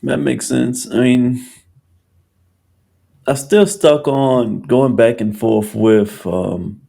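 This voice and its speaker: A man hosting a casual podcast discussion, talking in an animated, rambling way with many restarts. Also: medium pitch, slow pace, creaky. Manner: animated, rambling, restarts often, acts out quotes. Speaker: podcast host.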